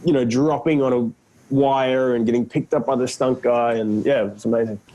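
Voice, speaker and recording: A man's voice: medium pitch, fairly even intonation, normal speed, warm tone, dull audio. An Australian man in his thirties, a guest in a casual interview on a video call, laid-back and self-deprecating, laughing often. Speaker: actor guest.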